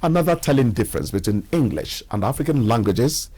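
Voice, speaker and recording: A man narrates an English pronunciation lesson in a scripted, explanatory way. His voice is slightly husky, and his pitch rises and falls in a lively way as he slows down to demonstrate each example. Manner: explanatory, demonstrates sounds with slowed deliberate examples.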